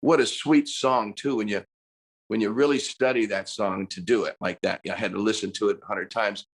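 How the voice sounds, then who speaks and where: An American man in his seventies, a musician talking casually in an interview, animated and breaking into bursts of singing and screaming. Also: lowish voice, moderate pace, breathy edge. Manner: animated storyteller, bursts into sung screams and imitated voices. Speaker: musician guest.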